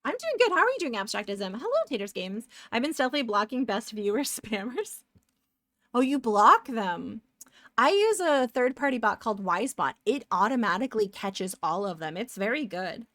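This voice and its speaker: A woman's voice: fairly high pitch, very animated, moderate pace, fairly bright tone, no echo, studio quality. A woman streaming live while she draws pixel art, chatting casually, rambling off on tangents and answering her chat.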